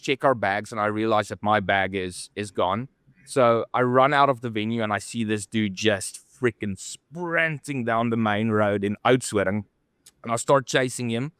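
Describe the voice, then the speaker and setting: Smooth-voiced man telling stories. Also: mid-range voice, no echo, studio quality. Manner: rambling, animated storytelling with many fillers. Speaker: podcast co-host. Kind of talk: casual storytelling chat.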